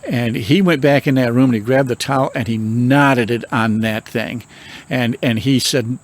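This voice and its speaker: An older man tells his ghost stories in a calm, measured way. He takes his time and lets dramatic pauses hang between the beats. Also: medium pitch. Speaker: paranormal investigator and reverend. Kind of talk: storytelling.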